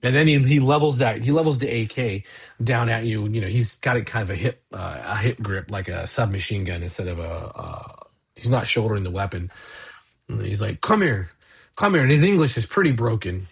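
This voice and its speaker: A man's voice: lowish voice, a little fast, gravelly, breathy edge. A man narrating as game master of a tabletop game, laying out scenes in a loose, rambling flow.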